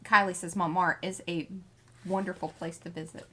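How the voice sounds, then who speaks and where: A woman's voice: on the low side, steady tone, moderate pace, sharp tone. A woman co-hosting a craft livestream, chatting casually, greeting viewers and reading out their comments. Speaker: livestream co-host reading the chat.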